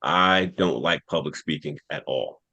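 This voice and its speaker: A man co-hosting a podcast, relaxed and frank as he asks questions and talks about himself. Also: a bass voice, unhurried, slightly rough, no room sound. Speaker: podcast co-host. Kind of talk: casual podcast chat.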